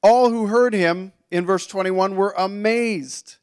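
A man's voice: high voice, takes it slowly, darkish tone, clean tone. A man preaching a conversational sermon to a congregation, with asides and restarts. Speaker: pastor.

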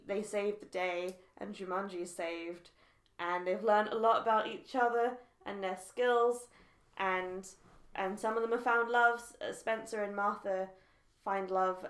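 A woman's voice: medium pitch, steady tone, a little slow. Chatty woman podcaster, echoey room. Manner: chatty, recaps plot with fillers. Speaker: podcast co-host. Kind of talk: casual chat.

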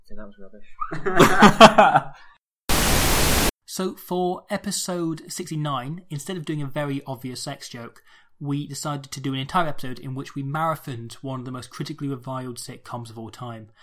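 A man co-hosting a comedy podcast, talking casually and low-key. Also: steady tone, a little fast. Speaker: podcast co-host.

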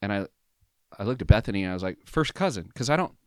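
A man's voice: on the low side, racing, smooth, no echo, clean studio sound. Emotional storytelling man in his fifties. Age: 50s. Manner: animated, emotional storyteller who acts out quoted dialogue. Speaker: podcast guest. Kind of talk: personal storytelling in conversation.

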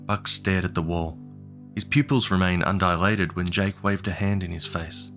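A man narrating a horror story in a measured, ominous scripted style. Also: low-pitched, fairly bright tone. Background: music.

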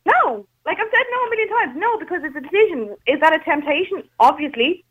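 An insistent woman on a radio panel with a high, lively voice that leaps around. She presses her point with emphasis. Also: fast talker, narrow, tinny audio. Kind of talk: heated studio debate.

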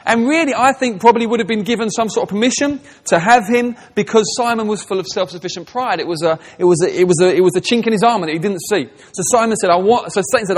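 A man preaching a sermon, animated, swinging between hushed, tender lines and loud, emphatic ones. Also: high voice, quick pace, hardly any pauses. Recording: long hall reverb.

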